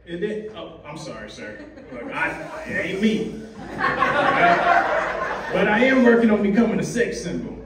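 Rambling comedy host, echoey club. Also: male voice, high voice, huge pitch swings, unhurried. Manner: loose, rambling, teasing the audience. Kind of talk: stand-up crowd work. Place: comedy club with live audience. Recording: roomy echo, distant mic, crowd laughter.

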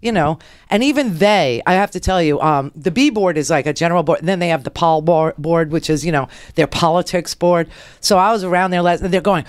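A woman hosting a political talk radio show, delivering a rambling, animated monologue into a close studio mic and acting out the people she quotes. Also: fairly low pitch, a little fast, dry recording.

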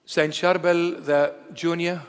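A man of Assyrian heritage preaching a sermon, telling stories in an animated way that swings between loud declarations and hushed asides. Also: a little high, takes it slowly, big-room sound.

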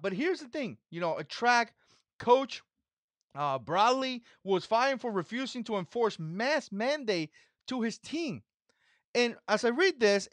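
A man's voice: high-pitched, no room sound. A man whose first language is not English, hosting an opinion commentary vlog in an emphatic, mocking way that repeats its points. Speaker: channel host.

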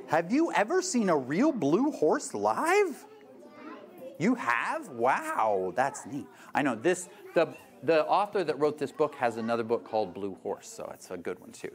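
A woman children's librarian leading a toddler storytime, reading a picture book aloud and singing in a slow, sing-song voice. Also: on the low side, very animated.

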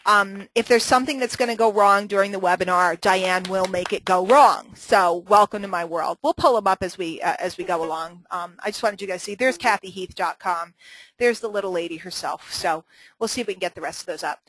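A woman's voice: mid-range voice, brisk, a bit bright, low-quality recording. A woman hosting a live marketing webinar, chatty and joking, laughing often as she teaches. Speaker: webinar host and marketing trainer.

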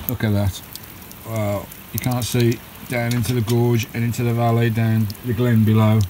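A man's voice: medium pitch, little pitch movement, normal speed, mellow, a little hiss or hum. A British man vlogging casually from inside his camper van, chatting and swearing lightly. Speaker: vanlife vlogger. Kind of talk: casual vlog chat.

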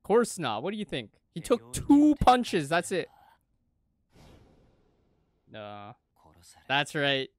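A man reacting to an anime episode with excitable, profane slang, swinging between shouted outbursts and low mutters. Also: takes it slowly, long pauses, no echo. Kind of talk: live anime reaction commentary. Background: faint anime soundtrack music.

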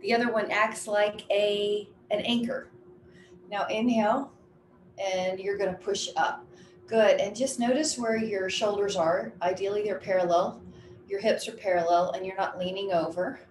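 A woman's voice: mid-range voice, steady tone. Echoey woman fitness instructor counting reps. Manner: counting reps aloud with brisk, encouraging cues. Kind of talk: guiding an exercise class. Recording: echoey room with faint ambient noise.

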